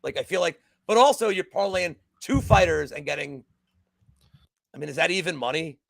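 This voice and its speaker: A man co-hosting a casual betting podcast, telling animated, profane stories. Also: a little high, moderate pace, gravelly, no room sound, clean studio sound. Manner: animated, profane storytelling with acted-out quotes. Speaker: podcast co-host.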